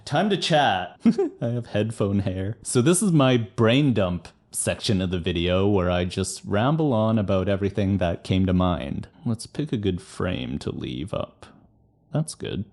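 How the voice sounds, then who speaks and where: A man's voice: on the low side, very animated, unhurried, darkish tone. A man reviewing a rock song and explaining singing in a casual, self-deprecating way. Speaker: rock singer reviewing songs. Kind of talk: music reaction commentary.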